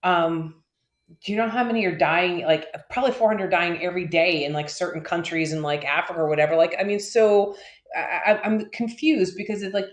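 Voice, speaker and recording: A woman's voice: lowish voice, echoey room. A woman co-hosting a podcast who rants in a frustrated, rambling way, full of fillers and swearing. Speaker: podcast co-host. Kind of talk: casual ranting chat.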